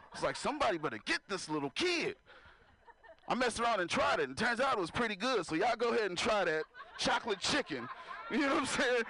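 A man's voice: very high-pitched, sharp tone. A man doing a stand-up comedy set, talking loosely with the crowd and laughing at his own jokes. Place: live comedy venue with audience.

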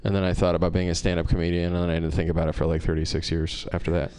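Low, smooth-voiced man ranting on stage. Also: completely flat delivery, very fast. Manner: profane, rambling storytelling that builds to yelling. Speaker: stand-up comedian. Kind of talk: stand-up set. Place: comedy club stage.

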